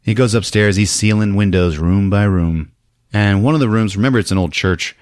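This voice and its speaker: A man hosting a podcast, casually recapping a film in an animated way, laughing often and acting out the lines. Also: lowish voice, fairly quick, no echo, clean studio sound. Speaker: podcast host.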